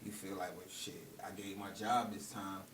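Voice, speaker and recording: A man with a fairly low voice asks loose, wandering questions in a casual chat. He sounds set back from the mic, and his voice echoes around the room. Clear background noise runs under him. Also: little pitch movement, normal speed. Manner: loose, rambling questions with "you know what I'm saying". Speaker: interviewer. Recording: roomy, distant mic, audible background noise.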